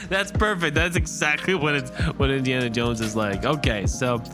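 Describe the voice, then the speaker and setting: A man reviews a movie trailer in casual reaction commentary, excitable and rambling as he talks. His voice sits at an ordinary middle pitch. Clear music plays behind him. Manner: excitable and rambling, with many fillers and restarts.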